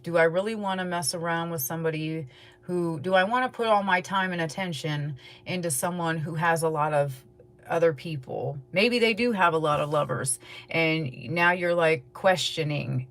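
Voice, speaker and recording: A woman giving a casual, rambling tarot reading to her viewers, chatting in a relaxed way and yawning now and then. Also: low-pitched. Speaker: tarot reader.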